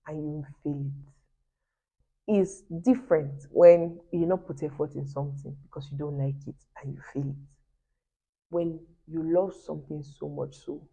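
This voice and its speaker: A woman's voice: deep voice, mellow, slightly rough. A young woman, chatting animatedly to her viewers and telling a personal story with laughing asides. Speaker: vlogger. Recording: dull lo-fi recording.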